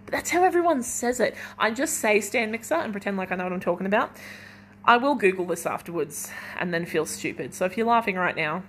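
A woman's voice: mid-range voice, expressive, a little fast. Young female podcast host, chatty and rambling, mid-range voice, recorded at home with faint noise behind. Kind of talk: casual solo podcast chat. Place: at home in her kitchen while baking.

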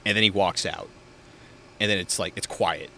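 Young guy, casual backyard podcast host, lowish voice, rambly storyteller, faint traffic behind. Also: moderate pace, bright, forceful tone. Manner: rambling storyteller, heavy filler words and swearing. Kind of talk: casual chat. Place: outdoors in a backyard.

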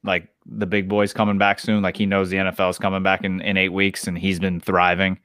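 A man co-hosting a podcast, chatting casually about sports in excitable, rambling retellings. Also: sits low, a little fast, no echo, clean studio sound. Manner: excitable, rambling retellings with short agreeing replies. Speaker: podcast co-host.

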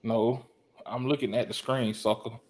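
Calm, plainspoken male podcast guest. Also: medium pitch, moderate pace, slight background noise. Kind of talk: casual podcast chat.

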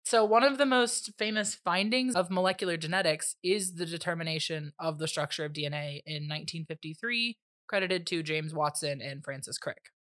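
A young adult woman co-hosting a casual science podcast, relaxed and agreeable, often laughing. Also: fairly low pitch, fairly quick, few pauses, no room sound, clean studio sound. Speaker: podcast co-host.

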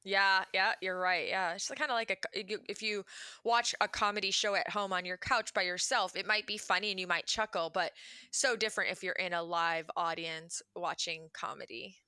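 A woman hosts a relaxed conversation, agreeing and summing up what her guest says. Her voice is bright and smooth. The sound is dry and close. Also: mid-range voice, normal speed, dry recording. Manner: agreeable, summarizes guest's points. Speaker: host. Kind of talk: casual interview chat.

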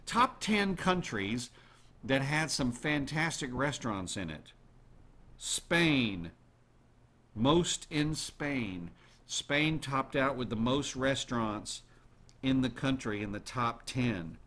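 A man hosting a show, chatting casually to his listeners in an animated way and throwing questions at the audience. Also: mid-range voice, takes it slowly. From United States. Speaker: radio show host.

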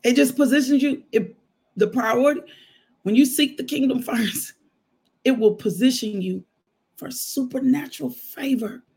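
Speaking at a moderate pace, a minister with a high, gravelly, husky voice treats his devotional like a coffee-table conversation. His animated testimony moves in and out of preaching, and he keeps breaking into laughter.

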